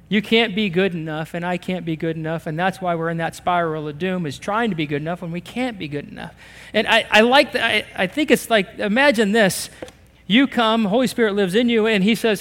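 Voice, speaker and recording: A man's voice: high voice, a bit bright, big-room sound. A man preaching a sermon as a pastor, telling stories animatedly and acting out little conversations. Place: church sanctuary.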